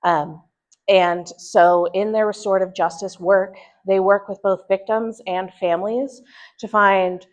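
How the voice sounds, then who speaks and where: A woman with a lowish voice presents to a church group, earnest and thoughtful, pausing and restarting as she reflects. The recording is dull and lo-fi.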